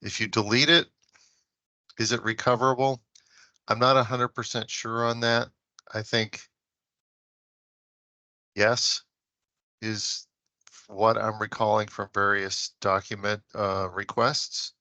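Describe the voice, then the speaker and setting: A man's voice: lowish voice, flat delivery, slow pace, long pauses, sharp tone, no room sound. A man who works as an assistant state librarian, adding polite, hedging comments at a public board meeting over a video call. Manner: polite, hedging, thinks aloud.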